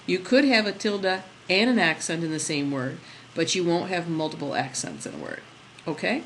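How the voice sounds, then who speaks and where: A woman with a slightly low voice walks a class through a slide lesson, patient and step by step. She stops now and then to ask the students questions. A faint hiss of background noise sits under her voice. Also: big pitch swings, moderate pace, low-quality recording. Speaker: Spanish teacher.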